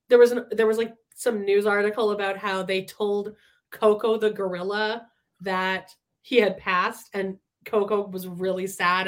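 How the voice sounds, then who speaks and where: A woman co-hosting a casual reaction chat about a reality show, blunt, swearing and laughing. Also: medium pitch.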